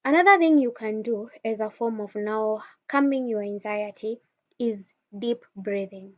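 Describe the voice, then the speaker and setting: A woman with a fairly high voice teaches calming techniques in a relaxed, conversational talk. She speaks right to the listener and often restarts her sentences. The recording sounds a little dull and lo-fi. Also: unhurried. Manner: conversational, addresses listener directly, frequent restarts. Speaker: wellness speaker.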